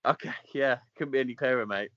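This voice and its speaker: A man's voice: mid-range voice, fast, a bit bright, no echo. A man on a casual podcast, answering a quiz with dry, wry banter and the odd laugh. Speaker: podcast co-host, quiz contestant. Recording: dull lo-fi dry audio.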